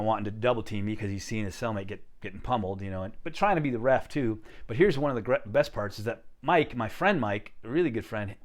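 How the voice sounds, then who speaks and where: A man casually telling a story from his own life, rambling and conversational, often acting out the lines of the people in it. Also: on the low side. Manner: rambling, conversational, frequent "you know" and restarts, gets quiet on quoted lines; lively storyteller who acts out the other people's lines.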